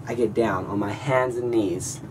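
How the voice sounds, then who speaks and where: A young man vlogging, telling a story to his viewers in an animated way and calling them guys. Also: on the low side, moderate pace, recorded from a distance, slight background noise. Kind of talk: storytelling vlog.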